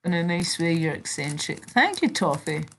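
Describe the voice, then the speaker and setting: Young British woman, casual live-stream chatter, lower register, loose and sweary. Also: big pitch swings, moderate pace, a little hiss or hum. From Britain. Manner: chatty, sweary, reads and answers chat. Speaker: livestreamer.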